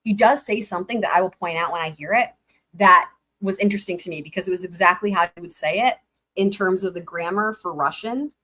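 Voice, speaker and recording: A woman's voice: on the low side, a little fast, a bit bright. A woman streaming live trial commentary, reading legal filings aloud and breaking in with incredulous, sarcastic asides.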